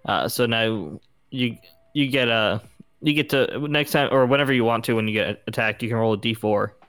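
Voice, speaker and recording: A man's voice: mid-range voice, moderate pace, a bit bright. A man playing a tabletop game, explaining his turn in an easygoing way and thinking aloud. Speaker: player. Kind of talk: casual tabletop play.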